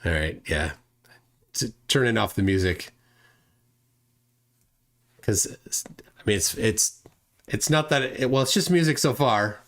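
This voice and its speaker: A man's voice: lowish voice, slow, pauses often, a bit bright. A man hosting a live stream debate, exasperated and mocking toward his guest. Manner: exasperated, laughs at clips. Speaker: channel host.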